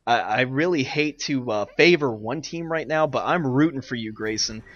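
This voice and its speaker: A young man casting a live online strategy game, ranting and exasperated, swinging between loud outbursts and muttered asides. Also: medium pitch, normal speed, lo-fi sound. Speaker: game caster and streamer.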